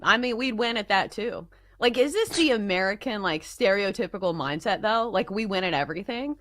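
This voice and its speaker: Chatty, animated female co-host. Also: mid-range voice, brisk, no room sound. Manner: chatty, playfully indignant, rambling with fillers. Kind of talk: casual studio banter.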